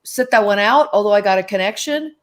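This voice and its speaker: A woman guest on a live-stream chat, telling stories in a lively, chatty way and acting out the voices in them. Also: medium pitch, fairly quick. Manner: animated storyteller, acts out quoted dialogue. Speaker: guest medium.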